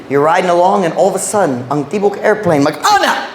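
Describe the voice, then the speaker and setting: An American man preaches a sermon in a church, his voice sitting a little high as he switches between English and Cebuano. He gets animated and shouts at the peaks. The sound is roomy and echoey, with faint noise behind it. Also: fast. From United States. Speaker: pastor.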